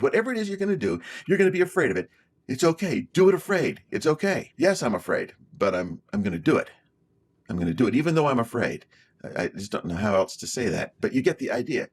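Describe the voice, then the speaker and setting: A man's voice: on the low side, breathy edge. A man giving an emphatic motivational video talk, repeating his key phrases for emphasis. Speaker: motivational speaker.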